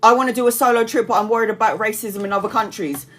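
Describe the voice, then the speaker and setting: A woman's voice: on the high side, fast, a bit bright, faint music behind. Chatty woman rambling on a live stream. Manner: rambling, chatty, laughs often, reads out comments. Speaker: tarot reader hosting a live stream. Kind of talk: casual live-stream chat.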